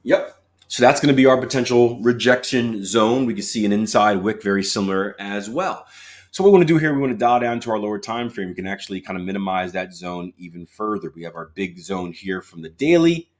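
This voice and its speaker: A man's voice: on the low side, animated, a little fast. A man coaching viewers through a live trading walkthrough, chatty and casual, talking straight to his audience and asking for replies.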